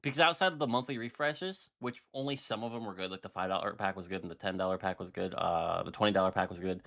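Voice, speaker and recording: A man's voice: low voice, fast, creaky, fairly bright tone. A man streaming a game and ranting in frustration, laughing often as he talks to his chat. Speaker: gaming streamer. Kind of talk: live-stream commentary.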